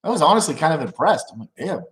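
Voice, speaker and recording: A man's voice: fairly high pitch, big pitch swings, very fast, fairly bright tone, roomy sound. A middle-aged man casually telling rambling stories at home, profane and loose, laughing at his own jokes. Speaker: live streamer.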